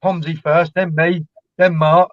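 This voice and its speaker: A man's voice: on the high side, flat delivery, a little slow, dry recording. Rambling man on a dull stream line. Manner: rambling, laughing anecdotes with mimicked dialogue. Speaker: co-host of a live stream. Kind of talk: casual storytelling chat. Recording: dull lo-fi dry stream audio.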